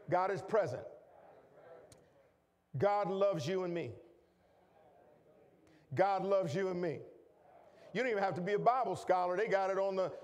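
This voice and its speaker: A man preaching a sermon as pastor, repeating phrases, calling for the congregation to say lines back, and rising to shouts. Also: high voice, long reverb tail. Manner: repetitive, call-and-response, builds to shouting. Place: church sanctuary.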